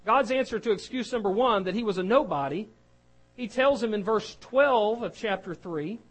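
A man's voice: high voice, normal speed, poor audio. A man preaching an earnest sermon, reading scripture and acting out quoted speakers. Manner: earnest, acts out quoted voices, varies loudness.

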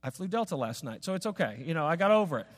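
A man's voice: on the high side, big pitch swings, fast talker. A man preaching a sermon as pastor, telling a story conversationally, with asides, fillers and restarts. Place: church sanctuary. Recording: long reverb of a large hall.

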